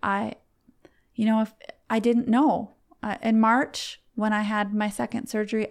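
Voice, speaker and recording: A middle-aged woman, a guest on a podcast, telling a personal story in a heartfelt, halting way with frequent restarts. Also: medium pitch, vocal fry. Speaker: podcast guest, competitive archer.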